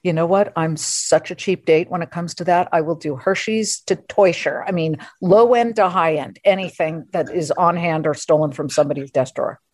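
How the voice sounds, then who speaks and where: A woman hosting a podcast interview, chatty and playful with quick asides. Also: on the low side, darkish tone, no room sound, clean studio sound. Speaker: podcast host. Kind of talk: casual interview chat.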